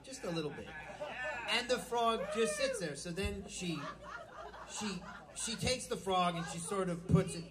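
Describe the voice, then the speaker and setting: A man's voice: sits high, sing-song, a little slow, crowd noise. A man doing live stand-up, telling dirty jokes in a rambling way with stumbling restarts and chuckles between lines. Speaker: stand-up comedian. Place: live music venue. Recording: live club recording with audience noise.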